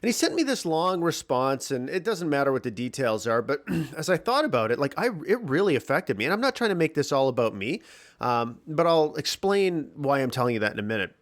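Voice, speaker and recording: A man hosting his podcast alone from his home basement, talking candidly with a morning voice, clearing his throat, swearing and restarting sentences. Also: medium pitch, sing-song, fairly quick. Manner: candid, rambling, swears freely, frequent restarts. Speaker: podcast host. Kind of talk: casual solo podcast monologue.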